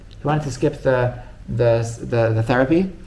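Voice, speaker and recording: A man's voice: medium pitch, normal speed, vocal fry, darkish tone, slight background noise. A man, a rabbi, telling a story in a casual, rambling way with many restarts. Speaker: rabbi teaching.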